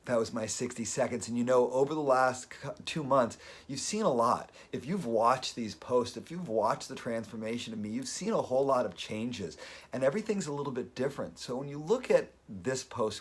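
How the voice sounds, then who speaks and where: Husky-voiced man giving earnest encouragement. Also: mid-range voice. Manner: earnest, openly emotional. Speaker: host of a daily live video series. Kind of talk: motivational live-stream talk.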